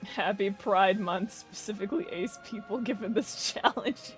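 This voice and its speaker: A woman's voice: medium pitch, moderate pace, faint music behind. Chatty young woman streaming a game. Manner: chatty, rambling, swearing, laughing often. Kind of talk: casual gameplay commentary.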